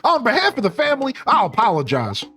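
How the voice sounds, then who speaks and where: A man's voice: very high-pitched, wildly swooping pitch, quick pace, sharp tone, soft background music, heavily acted. A man voicing an older male mole with a put-on New Jersey accent, reading game dialogue in a folksy, rambling, earnest way. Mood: reassuring. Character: older male mole, apologetic easygoing brother.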